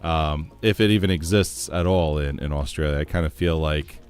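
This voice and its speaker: A man's voice: rumbling low, normal speed, darkish tone, smooth, soft background music. A man from the United States streaming a game, chatting casually, reading chat aloud and laughing often.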